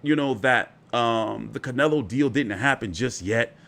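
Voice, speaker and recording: Chatty, cussing boxing-channel host. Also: male voice, mid-range voice, a little slow, creaky, fairly bright tone. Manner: loose and chatty, swears freely, lots of "like" and "you know". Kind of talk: casual fight commentary.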